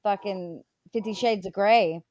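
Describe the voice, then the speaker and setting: A woman's voice: medium pitch, measured pace, a little mellow, dry recording, highs cut off. A woman in a casual panel chat who reacts bluntly.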